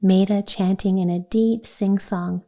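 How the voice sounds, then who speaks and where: Audiobook narrator, woman, calm measured read, unhurried. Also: mid-range voice. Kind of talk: scripted narration of a children's book.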